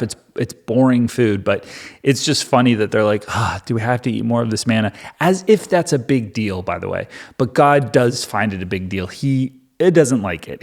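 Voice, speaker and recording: Amused man in casual commentary. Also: medium pitch. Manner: amused, conversational, with many filler "like"s. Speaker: Bible-reading YouTuber.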